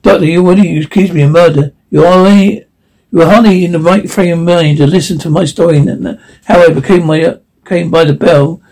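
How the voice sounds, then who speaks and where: A man reading the Doctor, brisk and wry. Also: on the high side, fairly even intonation, a little mellow, low-quality recording. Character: clever wandering male traveller, brisk and wry.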